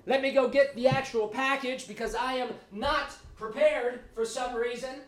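A man's voice: very high voice, steady tone, normal speed, very noisy. A man hosting his own podcast alone, rambling and joking at his own expense, a bit winded. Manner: rambling, jokey, self-mocking. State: out of breath. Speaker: podcast host. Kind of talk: casual solo podcast chat.

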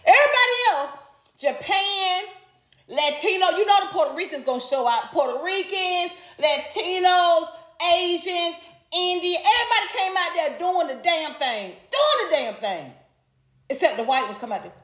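Talking straight to her live-stream audience, a woman delivers fiery, foul-mouthed casual commentary. Her very high voice is animated and fairly bright at normal speed, and the room echoes.

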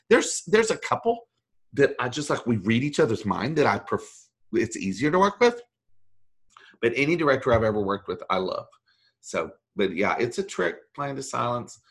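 A middle-aged man, a voice actor, chatting as an interview guest and telling animated, self-deprecating stories with mimicked voices. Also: medium pitch. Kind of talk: casual interview chat.

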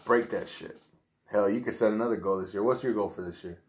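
Laid-back swearing man, slightly low voice. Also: fast, darkish tone. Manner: laid-back, swears freely, lots of filler. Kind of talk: casual chat.

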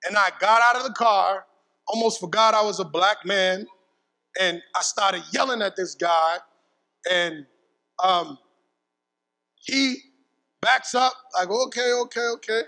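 Male preacher, high-pitched, animated storyteller at the pulpit, casual and slangy. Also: takes it slowly, pauses often, big-room sound, rough recording. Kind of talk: sermon with a personal story. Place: church pulpit.

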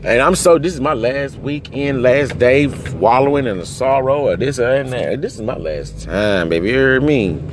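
A man crying and ranting in anger and hurt, swinging between yelling and low muttering, recorded outdoors near traffic. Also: lively intonation, normal speed, hardly any pauses. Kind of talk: emotional rant to camera.

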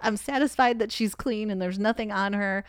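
A woman co-hosting a podcast, telling a story in a casual, animated way and laughing through it. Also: medium pitch, normal speed, clear, resonant tone, dry recording, studio quality. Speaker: podcast co-host.

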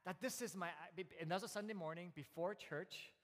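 Male pastor, 30s, slightly high voice, easygoing sermon delivery full of "uh"s and restarts, long church-hall reverb. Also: brisk. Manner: relaxed storytelling with frequent fillers and restarts. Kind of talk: conversational sermon.

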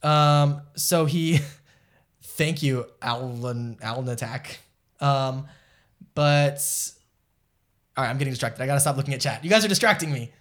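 A man co-hosting a casual anime podcast, retelling plot at length. He rambles with frequent "like" and "um" and drifts into asides. His pitch sits mid-range. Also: unhurried, pauses often. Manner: rambling, lots of fillers and asides, distracted by live chat. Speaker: podcast co-host. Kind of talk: casual chat reviewing anime.

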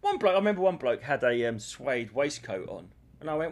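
A man on a comedy podcast, telling stories in a swooping, lively voice. He is crude and jokey, swears freely and slips into silly voices for the people in his anecdotes. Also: mid-range voice, fairly quick, hardly any pauses. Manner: crude, jokey storyteller who breaks into silly singing. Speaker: co-host, stand-up comic. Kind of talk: casual podcast chat.

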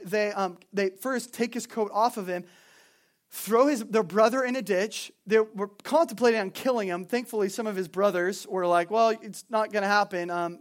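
A man retelling a story as a casual, animated sermon, full of slang, quick asides and repeated words. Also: sits high.

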